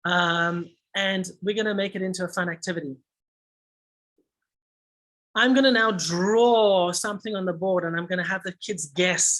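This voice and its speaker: A man who trains English teachers, walking through a lesson plan in a lively way with frequent "okay" and "all right". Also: high-pitched, normal speed, poor audio. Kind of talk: teaching tutorial.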